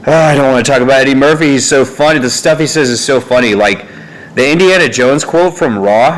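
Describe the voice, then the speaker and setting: A young man at his family home vlogs indoors through a phone on a neck holder, speaking at medium pitch and a little fast. His monologue is casual and wandering, peppered with fillers and asides.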